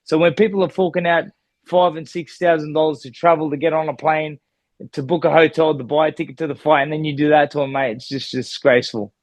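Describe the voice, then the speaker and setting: A man's voice: on the high side, fairly even intonation, fairly quick, no echo. An Australian man, a former boxer, giving a heated, emphatic reaction in an interview. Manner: indignant, emphatic, keeps repeating "mate". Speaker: former boxing world champion, guest.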